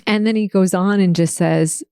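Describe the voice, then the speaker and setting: A woman's voice: lowish voice, steady tone, normal speed, dark tone, smooth, no room sound, studio quality. A woman hosting her own podcast, telling a personal story in a heartfelt, faith-focused way. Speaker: podcast host.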